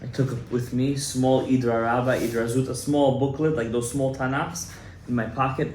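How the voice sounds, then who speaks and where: Fervent rabbi. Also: male voice, medium pitch, steady tone, moderate pace. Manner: emphatic, exhorting, rising to loud fervent urging. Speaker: rabbi giving a Torah class. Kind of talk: animated Torah lecture to a live audience. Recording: echoey room, faint room noise.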